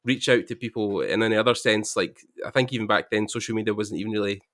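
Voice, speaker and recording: A man's voice: fairly low pitch, fast, a bit bright. A Scottish man chatting casually on a podcast, rambling with lots of fillers. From Scotland. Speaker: 3D artist guest.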